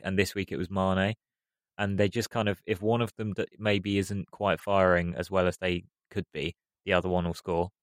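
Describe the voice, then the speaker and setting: A man's voice: low voice, dry recording. A man chatting as a podcast pundit, enthusiastic and piling up clauses. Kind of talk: casual football discussion.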